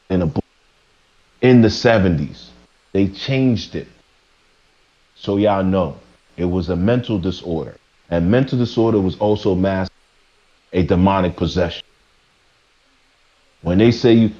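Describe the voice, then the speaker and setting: A man with a dark, mellow voice delivers an emphatic, preachy rant to his live chat. He often trips over his words and starts again. The audio is a little dull and lo-fi. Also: on the low side. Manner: preachy, emphatic, with stumbling restarts. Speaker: streamer.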